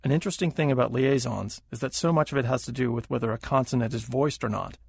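A man's voice: mid-range voice, fast, vocal fry, slightly rough, no echo, clean studio sound. A man patiently explaining how consonants link in spoken English, with example phrases. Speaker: language teacher. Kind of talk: explaining pronunciation.

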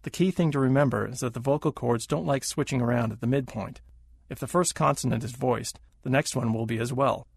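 A man's voice: mid-range voice, brisk, vocal fry, breathy edge, dry recording. A man patiently explaining how consonants link in spoken English, with example phrases. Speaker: language teacher. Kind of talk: explaining pronunciation.

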